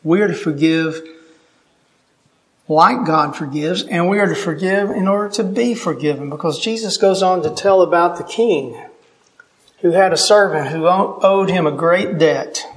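A man's voice: sits high, moderate pace. A man preaching a sermon, earnest and emphatic, putting questions to his listeners.

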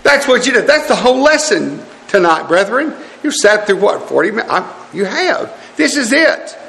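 Folksy preacher man, high voice, keeps chuckling and pleading, big echoey church. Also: very animated, moderate pace, gravelly, fairly bright tone. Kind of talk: sermon.

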